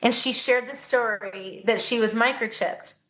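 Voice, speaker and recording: Bright, earnest woman on a podcast. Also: fairly high pitch, unhurried. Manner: earnest, emotional, speaks with conviction. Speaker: guest, anti-trafficking advocate. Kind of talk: podcast interview.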